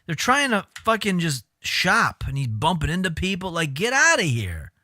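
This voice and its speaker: A man's voice: high-pitched, huge pitch swings, normal speed, pushed and bright, no room sound, studio quality. A man streaming live, riffing on clips in casual, profane, exasperated commentary.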